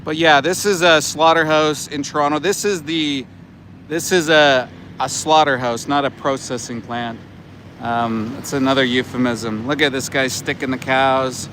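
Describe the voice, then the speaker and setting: A man's voice: medium pitch, steady tone, normal speed, fairly bright tone, a little hiss or hum. A middle-aged man doing livestream commentary outdoors, blunt, profane and indignant. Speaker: animal rights activist, livestreamer. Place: outdoors by a roadside.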